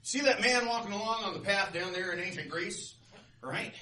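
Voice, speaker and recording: A man voicing a blustery, boastful male north wind in a told fable, pushy and loud, recorded from a distance in a roomy class. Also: high-pitched, expressive, normal speed, pitched above the performer's own voice, exaggerated voice.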